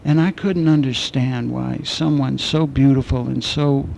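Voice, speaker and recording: Middle-aged man, recovery-meeting speaker, self-mocking storyteller, mid pitch, faint rumble in the recording. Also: fairly even intonation, measured pace, vocal fry. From southwestern United States. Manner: candid, self-mocking storytelling with dark humor. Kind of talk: personal recovery talk.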